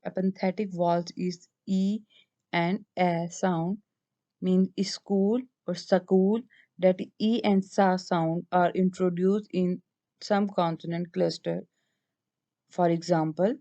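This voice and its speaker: A woman with a Pakistani English accent giving a slide-based lecture, explaining each point with halting restarts. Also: fairly low pitch, mellow.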